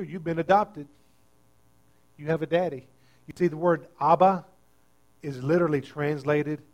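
A pastor preaching a sermon with great energy, swinging from quiet, tender lines to loud, emphatic ones. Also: male voice, a little high. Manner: dynamic preaching, swinging between soft and loud.

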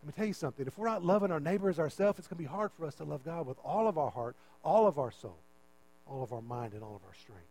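A man preaching a sermon, repeating phrases and swinging from loud emphasis to quiet asides. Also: lively intonation, fast, poor audio. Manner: preaching with big swings in pitch and loudness, repeating words for emphasis. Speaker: pastor.

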